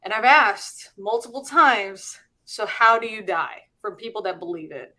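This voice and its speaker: A woman's voice: mid-range voice, lively intonation, measured pace, sharp tone. A middle-aged woman hosting a live show, chatting casually and laughing as she explains things. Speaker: host and teacher. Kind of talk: casual live-stream chat.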